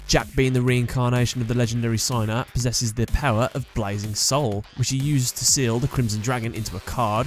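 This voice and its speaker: Man narrating character trivia. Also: medium pitch. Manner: plain, matter-of-fact listing of facts. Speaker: host.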